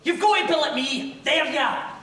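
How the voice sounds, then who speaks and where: A man playing a belligerent, mocking Scottish man with a Scottish accent, jeering, sweary and shouty. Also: very high voice, moderate pace. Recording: echoey, distant, noisy.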